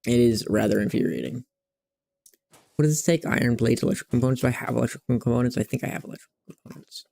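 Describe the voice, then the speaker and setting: A man's voice: mid-range voice, fast, vocal fry, warm tone. A young man in his twenties chatting casually and frankly while playing a game, rambling and swearing freely. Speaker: streamer. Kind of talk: casual gameplay chat.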